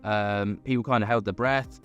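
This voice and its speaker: A man's voice: fairly low pitch, steady tone, normal speed, fairly bright tone, muffled recording, soft background music. A man hosting an online video channel, talking casually and skeptically about clips with lots of fillers. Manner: chatty and skeptical, many fillers. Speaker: host.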